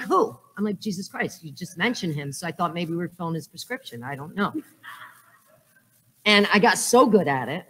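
A woman in her fifties giving a humorous talk at a conference, telling jokes and stories and often checking in with "right?". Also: lowish voice. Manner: joking storyteller, frequent "right?". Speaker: conference speaker. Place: conference hall. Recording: echoey hall with long reverb.

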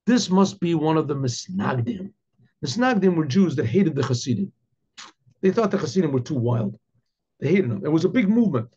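A man who is a rabbi, telling a story in an animated way and often repeating words. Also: a little high, fairly quick, slightly rough. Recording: dull lo-fi recording.

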